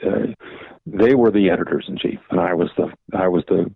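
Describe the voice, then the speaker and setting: An older man tells long, meandering stories as a podcast guest, looping back with "so anyway" and acting out the dialogue. His voice is low and gravelly. It comes through a dry, tinny, phone-like line. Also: fairly quick, dry recording. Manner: rambling anecdotes, repeats "so anyway", acts out quoted dialogue. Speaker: guest, veteran comics editor. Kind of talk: casual interview storytelling.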